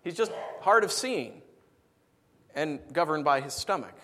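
A male pastor with a somewhat high voice preaches in a casual, conversational style. He swings between excited and hushed moments. He often doubles words as he restarts his thoughts. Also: a little slow. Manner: animated, conversational, repeats words when restarting. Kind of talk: sermon.

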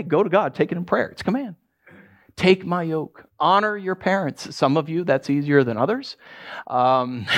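Lively, animated man preaching. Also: high voice. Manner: animated, conversational preaching with jokes and asides. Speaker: pastor. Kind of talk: sermon.

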